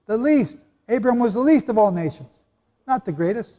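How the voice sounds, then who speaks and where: High-voiced man preaching in an echoey hall. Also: expressive, normal speed, dark tone. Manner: emphatic, rhetorical questions, joking asides. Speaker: Bible teacher. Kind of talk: sermon-style lecture to a live audience. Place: hall with an audience. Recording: echoey hall with long reverb.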